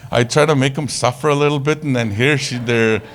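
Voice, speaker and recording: A man presenting at a conference, talking casually, with jokes and lively storytelling. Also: medium pitch, a little fast. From Canada. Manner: casual, joking, animated storytelling. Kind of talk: conference talk.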